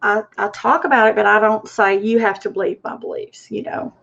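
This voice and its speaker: A woman's voice: medium pitch, fairly even intonation, brisk, vocal fry, a bit bright, lo-fi sound. A woman with an Australian accent, a guest chatting on a live stream, who keeps calling people honey and baby girl. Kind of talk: casual live stream chat.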